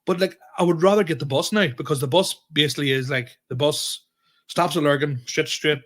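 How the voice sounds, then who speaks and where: A young man with a Northern Irish accent, telling a story on a podcast in animated, sweary casual chat and acting out what people said. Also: a little high, fairly quick. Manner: animated, swearing, acts out quoted exchanges. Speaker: podcast host.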